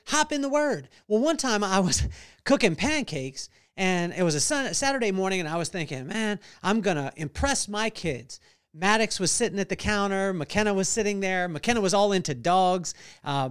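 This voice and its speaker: Middle-aged male podcast host, lively storyteller who acts out voices; high, smooth tone. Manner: animated storyteller acting out voices and singing. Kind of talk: storytelling devotional talk.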